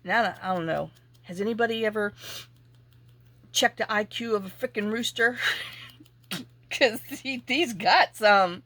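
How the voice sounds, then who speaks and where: A woman hosting a crafting vlog, chatting casually and telling a rambling, animated story with asides while she works. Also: mid-range voice, a little slow, long pauses, no echo. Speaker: junk journaling channel host.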